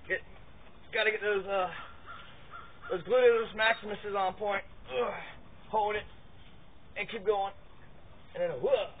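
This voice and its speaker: A man giving rambling, casual commentary as he handles dogs in a pen outdoors, repeating words and grunting with effort. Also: high voice. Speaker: vlogger showing dog handling. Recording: tinny phone-like audio, faint noise.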